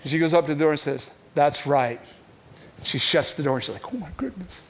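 A middle-aged male preacher with a fairly high voice delivers an animated sermon full of stories. He often repeats words as he pushes through a thought, and his energy rises and falls with the telling. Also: brisk, a little hiss or hum.

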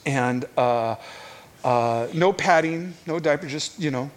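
A middle-aged man preaching a sermon, telling stories with lively energy and often repeating words as he goes. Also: on the high side, takes it slowly. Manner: animated storytelling, repeats words.

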